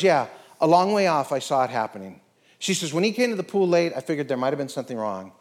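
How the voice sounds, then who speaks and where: A middle-aged man preaching a sermon, telling a story with acted-out dialogue and soft, hushed moments. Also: a little high. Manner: storytelling, acts out dialogue, drops to soft whispers. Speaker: pastor.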